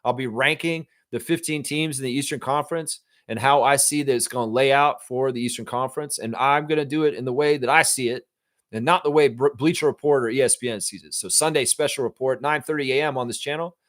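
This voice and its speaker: A man's voice: medium pitch, fast, a bit bright. Casual, swearing male stream host. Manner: loose, swears freely, reads viewer comments aloud. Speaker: host of a fan live stream. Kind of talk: casual live-stream chat.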